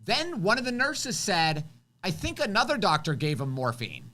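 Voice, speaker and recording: A man's voice: high voice, moderate pace. A man co-hosting a live show, telling an emotional story and acting out what people said. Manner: animated, acts out quotes, swings loud and soft. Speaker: co-host.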